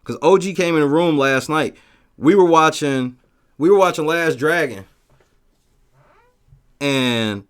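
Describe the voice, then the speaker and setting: Animated, profane man hosting a livestream. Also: on the high side. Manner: profane, animated storytelling with shouted quotes. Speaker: livestream host reading chat. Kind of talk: casual livestream chat.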